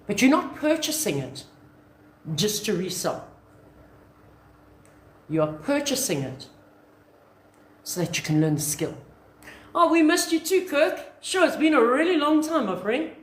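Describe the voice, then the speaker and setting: Woman coach, motivational talk, very expressive delivery, echoey room. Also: medium pitch, slight background noise. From South Africa. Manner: animated, acts out little scenes. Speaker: online business coach.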